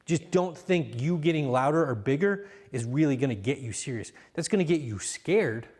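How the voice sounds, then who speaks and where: A man with a slightly raised pitch leads a parenting seminar. He talks calmly and encouragingly, and drops into quiet, even examples of what to say to a child. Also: moderate pace, breathy edge. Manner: calm, affirming, acts out level-toned examples. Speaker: seminar leader. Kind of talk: coaching parents in a live seminar.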